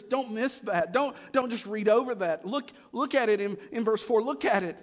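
Male pastor, very high voice, emphatic sermon delivery; dull, reverberant church sound. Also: moderate pace, few pauses. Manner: emphatic preaching, rising and dropping to a hush.

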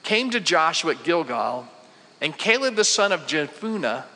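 A man in his forties preaches in a lively, conversational way, acting out the worried voices of ordinary people and asking his listeners questions. His voice is bright and sits a little high for a man. The sound carries a long hall reverb, as in a church sanctuary. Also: normal speed. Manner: conversational, acts out quoted voices, many rhetorical questions. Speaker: pastor. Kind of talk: sermon.

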